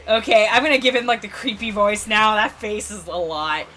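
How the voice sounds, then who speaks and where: A young woman hosting a let's play, reacting out loud in an excitable way. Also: mid-range voice, moderate pace, soft background music. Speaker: gaming video host.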